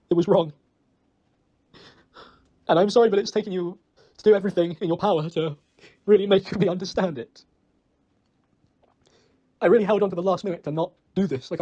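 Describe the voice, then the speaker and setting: Recorded as a personal voice message, this apology comes from an ex-boyfriend, a young British man whose voice sits high with a dark tone. Emotional and choked up, he rambles, reproaches himself and swears a lot.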